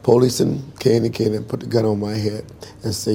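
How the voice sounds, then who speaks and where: A man's voice: on the low side, steady tone, a little fast, creaky, dark tone, slight background noise. A man in his sixties, interviewed, telling a hard personal story earnestly and emphatically, acting out what people said. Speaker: interviewee, singer.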